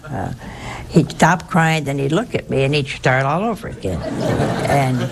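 Older nun with a low gravelly voice. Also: female voice, animated, normal speed, slight background noise. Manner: rambling, warm anecdotal telling with frequent restarts. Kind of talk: personal storytelling.

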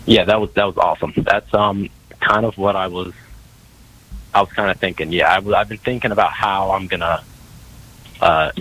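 A young man calling in to a radio show, talking hesitantly with many pauses and restarts. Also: deep voice, steady tone, fairly bright tone, breathy edge, rough recording. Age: young adult. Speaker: caller. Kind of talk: caller asking a question on radio.

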